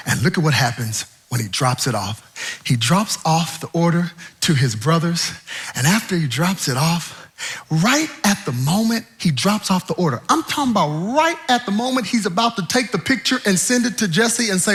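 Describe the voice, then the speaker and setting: Lively, high-voiced animated male preacher. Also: normal speed, breathy edge. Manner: animated and humorous, with vivid acted-out asides. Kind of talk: sermon.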